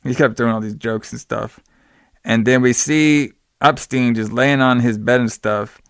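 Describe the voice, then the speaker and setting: A man chats loosely on a podcast, recapping a horror movie in slangy, rambling talk. His voice sits at an ordinary middle pitch. The sound is dry and close to the mic. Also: fairly even intonation, measured pace, clear, resonant tone, no echo. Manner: rambling, slangy, acts out quotes in exaggerated voices. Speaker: podcast host. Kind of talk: casual movie recap chat.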